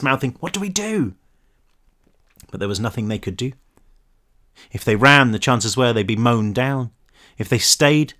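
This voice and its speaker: Man reading a thriller aloud. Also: medium pitch. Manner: tense, expressive storytelling. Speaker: author reading his own novel. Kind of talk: dramatic audiobook narration.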